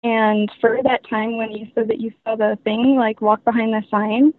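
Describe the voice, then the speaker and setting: A woman's voice: fairly high pitch, little pitch movement, moderate pace, a crowd in the background. Young female guest, casual rambling storyteller, tinny call audio. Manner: rambling, filler-heavy with many "like"s. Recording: tinny dry phone line.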